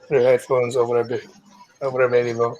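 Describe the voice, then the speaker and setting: A Scottish man hosting a live stream, reading news stories aloud casually, stumbling over words and clearing his throat. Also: medium pitch, completely flat delivery, fairly quick, darkish tone, low-quality recording.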